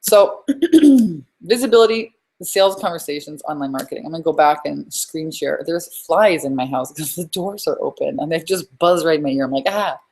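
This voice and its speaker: A woman hosting a live webinar from home as a business coach, talking in an energetic, rambling, emphatic way. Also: deep voice, fairly quick, husky.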